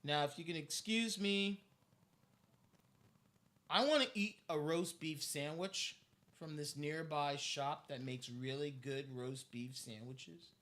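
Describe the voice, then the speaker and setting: A man's voice: a little high, takes it slowly, fairly bright tone. A man ranting on a live stream, heated and profane, repeating himself as he vents.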